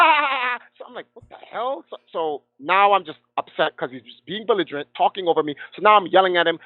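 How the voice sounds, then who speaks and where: Over a tinny phone line with no echo, a male guest gamer passionately relates a heated story. His voice is high-pitched, and he acts out the voices of the people he quotes.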